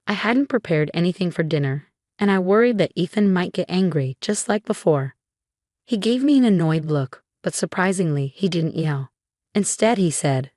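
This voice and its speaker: A woman telling a first-person story in an even, steady read. Her voice sits low and sounds dry and close, with no room around it. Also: normal speed, dry recording. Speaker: narrator.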